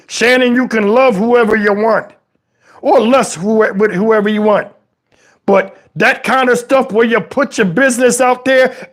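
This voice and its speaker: A man playing a preachy, outraged elderly father who scolds and swears in a comedic rant. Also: very high voice. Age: older. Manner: exasperated scolding, preachy, swears, shouts at times.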